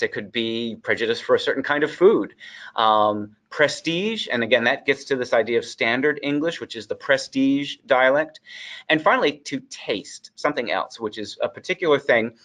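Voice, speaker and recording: A man from the Boston area giving a lecture on English usage to English teachers. He speaks American English with faint Boston traces, thinking aloud with many ums and uhs and slowing down on key terms. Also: mid-range voice, a bit bright. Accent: General American, faint Boston traces. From Boston area, United States.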